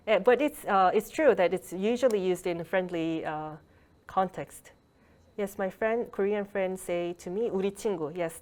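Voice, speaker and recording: A woman's voice: mid-range voice, darkish tone. Woman lecturing on a video call. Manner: explains patiently, frequent fillers and restarts. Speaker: Korean language lecturer. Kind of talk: online workshop lecture.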